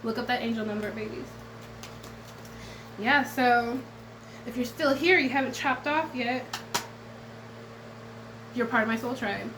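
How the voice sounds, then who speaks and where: A woman's voice: fairly high pitch, measured pace, long pauses, noisy background. A woman tarot reader talking straight to her viewers in a casual vlog, blunt and profane, swinging between defiance and tenderness and close to tears at times.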